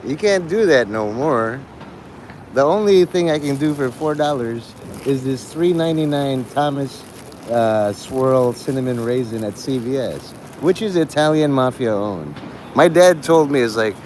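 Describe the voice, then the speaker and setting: A man's voice: medium pitch, expressive, normal speed, darkish tone, slight background noise. A man hosting a casual livestream, rambling, laughing often and swearing freely. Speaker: livestream host.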